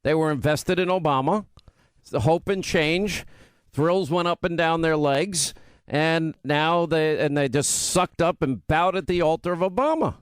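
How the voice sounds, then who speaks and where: A man hosting a talk radio show, delivering an opinionated monologue. He mocks buzzwords by repeating them over and over and rattles off rapid-fire lists. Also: fairly high pitch, smooth, no room sound.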